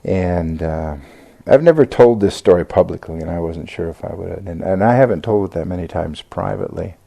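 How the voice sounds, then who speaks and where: An older American man gives a reflective Buddhist talk with a deep voice. His tone is gravelly and mellow. He stops and restarts often and fills the gaps with "uh" and "you know.". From United States. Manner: halting, with many fillers and restarts. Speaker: Buddhist teacher giving a talk.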